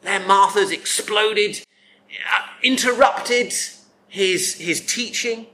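A male preacher talks through a passage slowly and deliberately in a bright, fairly high voice. He keeps checking in with the congregation through tag questions, which gives the sermon a chatty feel. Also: slight background noise.

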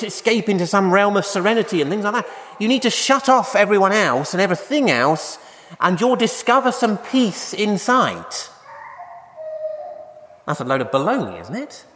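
Slow, emphatic preacher in an echoey hall. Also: male voice, high-pitched, a bit bright, slight background noise. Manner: slow, emphatic, repeats key words. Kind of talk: sermon. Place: church. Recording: echoey hall, faint ambience.

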